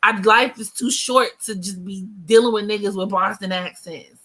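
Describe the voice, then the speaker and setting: Woman, thirties, from the US, livestream host, casual chat, bright ringing voice, blunt, slangy, joking. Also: mid-range voice, steady tone, moderate pace. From United States. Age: 30s.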